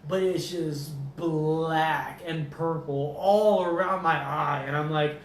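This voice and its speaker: A man's voice: a little high, slow pace. A man co-hosting a podcast, telling a story casually, laughing and swearing a lot. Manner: animated, profane, laughing storyteller. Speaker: podcast co-host. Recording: roomy echo, distant mic, faint noise.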